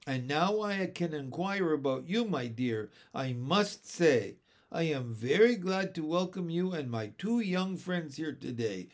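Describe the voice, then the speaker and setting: A man voicing a jolly elderly uncle, hearty and booming, talking through fits of laughter. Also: expressive, a little slow. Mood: jovial.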